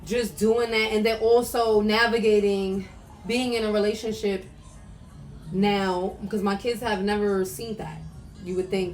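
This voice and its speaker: A woman's voice: medium pitch, fairly even intonation, a little slow, darkish tone, faint music behind. A young woman hosting her own podcast, talking candidly and emotionally about her life, with lots of "like" fillers and some swearing. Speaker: podcast host. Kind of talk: casual personal monologue.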